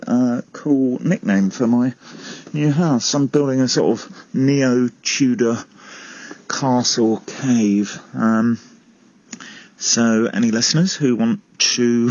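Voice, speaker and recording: A man's voice: medium pitch, a little mellow, dry recording, lo-fi sound. A man presenting a comic podcast segment, rambling with self-mocking, sweary asides.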